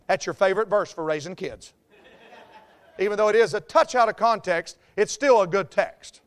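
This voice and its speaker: A man with a Southern US accent, preaching a folksy, joking sermon as a pastor, swinging between quiet asides and loud outbursts. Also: sits high, animated, brisk. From American South.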